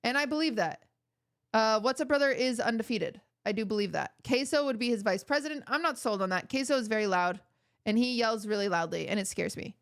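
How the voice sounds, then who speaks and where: Young adult female streamer, casual joking chat with viewers, slightly high pitch. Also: a little fast, smooth. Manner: joking, rambling, mock-outraged.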